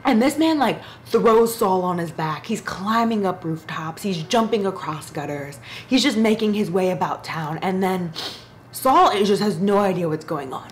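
Giggly, animated woman book vlogger. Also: mid-range voice, normal speed, slight background noise. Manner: animated and giggly, gushing with big excited jumps. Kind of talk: casual reading vlog chat.

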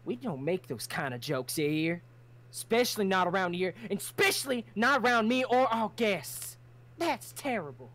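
A woman voicing a brash, house-proud bird-woman farmer with a folksy Southern drawl who scolds quickly. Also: medium pitch, big pitch swings, voice pushed up, lightly acted. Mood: scolding. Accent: American Southern.

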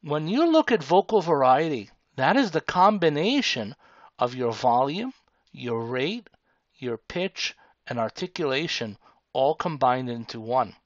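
Slow, deliberate male instructor, lo-fi. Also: mid-range voice, very animated, no echo. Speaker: speaking instructor. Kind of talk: tutorial explanation. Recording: dull lo-fi sound.

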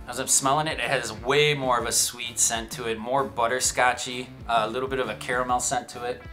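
A man talks through a whiskey tasting in a relaxed, chatty way, with a bright, forceful voice. He tosses in jokey asides as he goes, and faint music plays behind him. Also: medium pitch. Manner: chatty, self-amused, joking asides. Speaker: whiskey reviewer. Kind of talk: casual tasting review. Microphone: shotgun microphone.

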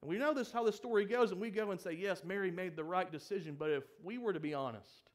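A young male pastor with a high voice preaches a sermon. He asks the congregation questions and raises his voice when he acts out the quoted pleas. His delivery rises and falls with emphasis. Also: fast.

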